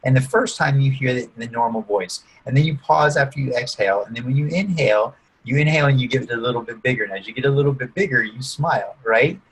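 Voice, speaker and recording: A man with a husky, slightly breathy voice leads a calm guided visualization. He talks listeners through each step and keeps checking in to make sure they are following. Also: mid-range voice, fast, few pauses, low-quality recording. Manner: calm, guiding, often checks in with "okay?" and "right?". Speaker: guest coach using neurolinguistic programming. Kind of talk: guided visualization during an interview.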